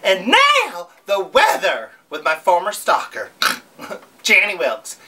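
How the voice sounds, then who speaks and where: A woman's voice: mid-range voice, wildly swooping pitch, takes it slowly, sharp tone, full character voice. A woman playing a brash, giggly, crude small-town news host in a comedy sketch.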